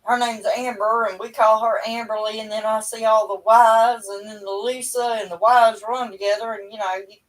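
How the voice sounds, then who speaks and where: A middle-aged woman with a drawl, talking in a chatty, rambling, folksy way with a fairly high voice. She sits at home talking into a webcam, and her voice sounds a little far from the mic. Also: fairly even intonation, moderate pace, few pauses. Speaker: livestream host. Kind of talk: casual chat to viewers. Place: at home indoors.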